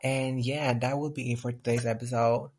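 A young man co-hosting a casual podcast, talking in slangy, animated bursts and laughing often. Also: mid-range voice, normal speed. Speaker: podcast co-host. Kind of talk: casual chat.

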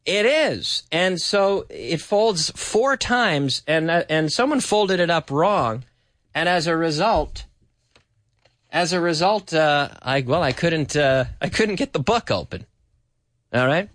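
Male radio English teacher, animated and a bit high-voiced, dry close studio sound, drills phrases slowly. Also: no echo. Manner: chatty, laughs often, repeats phrases slowly for learners.

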